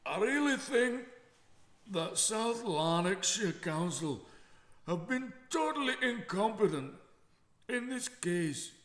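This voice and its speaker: A man's voice: high voice, sing-song, fairly bright tone, pitched above the performer's own voice, exaggerated voice. A man putting on an outraged Scottish councillor. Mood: indignant. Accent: put-on Scottish. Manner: slow, emphatic, outraged delivery. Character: indignant middle-aged Scottish male councillor. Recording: roomy echo.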